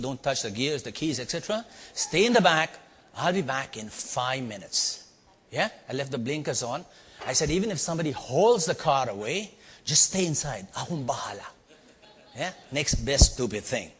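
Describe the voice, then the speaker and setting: A man from India with an Indian accent, telling a story to a live audience and quizzing them with quick asides. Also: medium pitch. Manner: animated, quizzing the audience with "yeah?" and "right?". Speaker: leadership speaker. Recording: long hall reverb.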